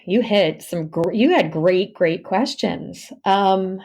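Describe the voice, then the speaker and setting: A woman with a lowish voice talks casually as a guest over a remote call. She tells stories with lively acted-out quotes and laughs a lot, in a relaxed conversational way. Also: takes it slowly, gravelly. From New York area. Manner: animated storyteller, laughs often, acts out quotes. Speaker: guest, audiobook narrator. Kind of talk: casual interview chat. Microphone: remote call over the internet.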